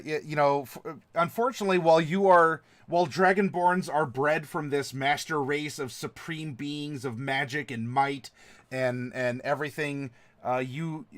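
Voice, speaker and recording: A man narrating a tabletop game as game master, halting and full of fillers. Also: on the high side.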